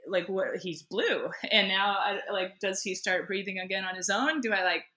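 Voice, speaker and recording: A woman's voice: medium pitch, normal speed, bright, forceful tone. A woman in casual chat, telling a story animatedly, acting out voices and laughing often.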